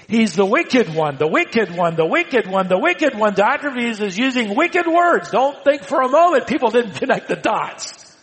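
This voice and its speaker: A man preaching a sermon, swinging from loud emphatic lines to hushed, quiet ones. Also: sits high, big-room sound, rough recording. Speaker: pastor.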